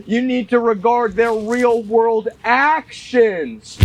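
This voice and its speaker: A man with a high voice speaks slowly and insistently, hammering the same points over and over and calling out to his listeners. The recording carries steady background noise. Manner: insistent, repetitive, keeps saying "y'all". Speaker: commentator. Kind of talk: monologue to camera. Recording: noisy recording.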